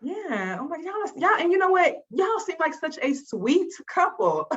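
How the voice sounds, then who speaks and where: A woman co-hosting a podcast in casual chat, expressive and playful, acting out quoted voices. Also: very high voice, a little slow. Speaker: podcast co-host. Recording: dull lo-fi sound.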